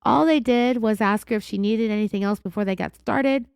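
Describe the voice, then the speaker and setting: A woman with a California accent hosting a true crime podcast, raspy from being sick, telling the story in an indignant, sarcastic way. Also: a little high, fairly quick, darkish tone, no echo, studio quality. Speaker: podcast host.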